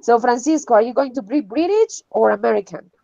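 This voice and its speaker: A woman's voice: on the high side, expressive, brisk, vocal fry, dark tone, no room sound, dull audio. A woman teaching an English class online, encouraging her students and laughing often.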